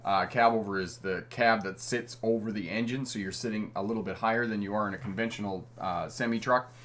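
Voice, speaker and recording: A man's voice: on the low side, fairly even intonation, a little fast, a bit bright, a little hiss or hum. A middle-aged man from Canada hosting a live stream as a driving instructor, reading out viewer comments in a friendly, chatty way and chuckling often. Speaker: driving instructor and livestream host.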